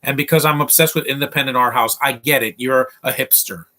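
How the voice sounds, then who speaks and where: A young man in his twenties talks over a movie as he watches it at home, with a bright, forward voice. He speaks bluntly and rambles, restarting his sentences often as his opinions tumble out. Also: medium pitch, fairly even intonation, fairly quick. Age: 20s. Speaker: movie commentator. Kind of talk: casual live movie commentary.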